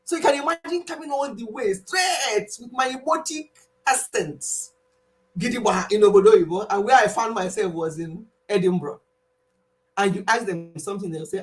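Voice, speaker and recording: A woman's voice: mid-range voice, moderate pace, low-quality recording. A woman from Nigeria with a Nigerian accent, whose first language is Igbo, hosting a casual health channel live stream, telling stories animatedly with frequent laughter. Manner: animated storytelling, laughs often, mixes in Igbo words.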